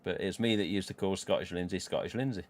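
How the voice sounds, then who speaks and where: A man's voice: deep voice, fast. Rambling Midlands man on a live stream. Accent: English Midlands. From England. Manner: rambling, chatty, swears freely, chuckles to himself. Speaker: livestream host. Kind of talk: casual live-stream chat.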